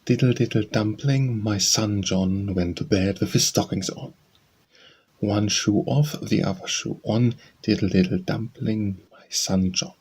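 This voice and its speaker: Low husky man reciting nursery rhymes. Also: steady tone, measured pace, a little mellow. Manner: sing-song, rhythmic recitation. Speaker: audiobook reader. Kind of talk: reading nursery rhymes aloud.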